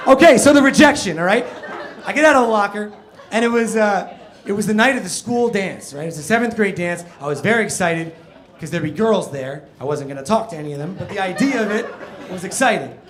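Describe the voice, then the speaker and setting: Lively high-voiced stand-up comic man. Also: brisk, a faint crowd. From New Jersey. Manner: animated storyteller who jumps to loud punchlines. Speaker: stand-up comedian. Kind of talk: stand-up comedy set. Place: comedy club stage. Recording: roomy club sound with noise.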